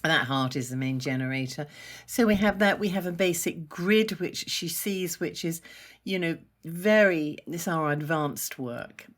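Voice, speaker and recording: A woman with a deep, low voice explains her energy medicine practice to an interviewer. She talks in an enthusiastic, chatty flow and laughs often along the way. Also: a little slow. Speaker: energy medicine teacher, podcast guest.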